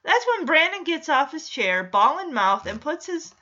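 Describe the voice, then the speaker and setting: A woman's voice: high-pitched, sing-song, normal speed, sharp tone, dull audio. A woman recapping a TV episode in casual chat, with sarcastic asides and frequent laughs. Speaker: show recapper.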